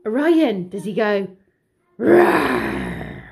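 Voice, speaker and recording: A woman's voice: on the high side, lively intonation, moderate pace, a little mellow. A middle-aged British woman talking in a coaxing, sing-song way to toddlers at home during a casual vlog, chatting about her day in between. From United Kingdom. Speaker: vlogger and childminder. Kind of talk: casual vlog chat with small children. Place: home kitchen and playroom.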